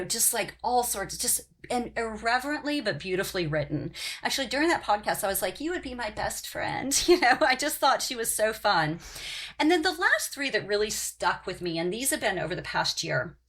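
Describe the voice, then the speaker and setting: A woman's voice: mid-range voice, a bit bright. Chatty, rambling woman podcast host. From Oklahoma. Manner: chatty and rambling, full of "um" and "you know". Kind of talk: casual chat.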